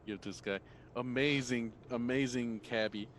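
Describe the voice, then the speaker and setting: A man's voice: medium pitch, fairly even intonation, a little slow. Wry joking male player. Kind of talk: casual chat.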